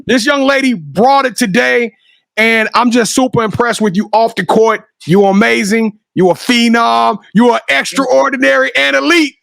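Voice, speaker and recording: A man's voice: extremely high pitch, moderate pace, vocal fry, no echo. Hyped Southern man hosting a sports show. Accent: Southern American. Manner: hyped, effusive, shouting catchphrases. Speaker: podcast co-host. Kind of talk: enthusiastic show wrap-up and outro.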